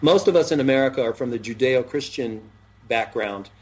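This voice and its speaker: A middle-aged man hosting a self-help talk show, earnest and preachy, slowing down to stress key phrases. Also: mid-range voice, a little mellow, husky. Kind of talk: motivational talk-show chat.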